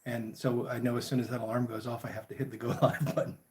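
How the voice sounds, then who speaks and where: A man's voice: medium pitch, quick pace. A man with an ordinary mid-range voice hosts a casual live chat. He greets viewers one by one in an easygoing, friendly manner. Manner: chatty, greets viewers by name, relaxed and friendly. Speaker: livestream host.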